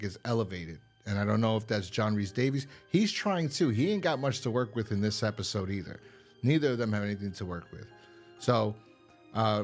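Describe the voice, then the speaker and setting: A man co-hosting a horror podcast, recapping an episode in a rambling, casual way, swearing now and then. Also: fairly low pitch. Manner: rambling, full of fillers and profanity. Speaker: podcast co-host.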